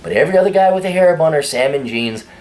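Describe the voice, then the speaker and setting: A man's voice: fairly high pitch, lively intonation, fast, a little mellow, slight background noise. A man hosting a casual opinion monologue in a blunt, crude and sardonic way. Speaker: host.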